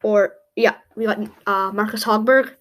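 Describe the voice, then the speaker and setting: A woman's voice: medium pitch, steady tone, unhurried. Casual woman rambling through a ranking. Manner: rambling and thinking aloud, with frequent "um" and self-corrections. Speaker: YouTube creator ranking hockey goalies. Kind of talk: casual commentary while building a tier list.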